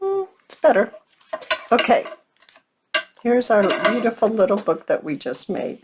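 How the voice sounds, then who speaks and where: Slow-talking older woman, high voice. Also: sing-song, background noise. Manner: chatty and folksy, talks straight to viewers. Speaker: craft channel host. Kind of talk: casual crafting tutorial.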